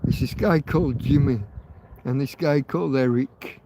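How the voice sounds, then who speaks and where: A man's voice: mid-range voice, moderate pace, creaky, background noise. A man hosting a livestream, chatting in a rambling way with many fillers and restarts. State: laughing through tears. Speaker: livestream host. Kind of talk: rambling casual chat.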